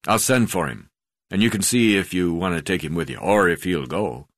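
A man voicing a brash, hard-drinking, portly older male magistrate who talks in a croaking, blustering way. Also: low voice, moderate pace, a bit bright, dry recording, studio quality. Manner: blustering, swearing, boisterous.

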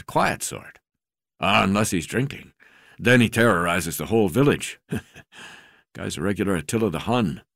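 A man voicing a gruff, boozy older male magistrate who croaks and swears through his talk. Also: low voice, fairly bright tone, dry recording, clean studio sound, exaggerated voice.

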